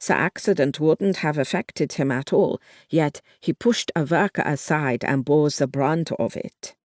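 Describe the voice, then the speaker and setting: A narrator voicing a wounded sergeant who speaks English, keeping his voice low and cautious. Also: a little slow, a little mellow, no echo, studio quality, close to an everyday voice. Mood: confiding. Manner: cautious, lowered voice. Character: wounded adult male German sergeant, guarded. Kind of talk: audiobook narration.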